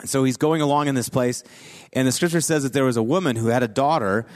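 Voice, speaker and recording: A pastor preaching a sermon in a conversational way, building to emphatic peaks. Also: male voice, mid-range voice, fast.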